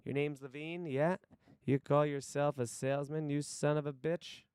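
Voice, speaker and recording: A man's voice: on the high side, steady tone, normal speed, darkish tone, clean tone, no room sound, clean studio sound, close to an everyday voice. A man reading a film monologue aloud, playing an abrasive, cocky sales boss who berates his salesmen in a harsh, profane voice. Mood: aggressive. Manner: harsh, bullying, profane delivery.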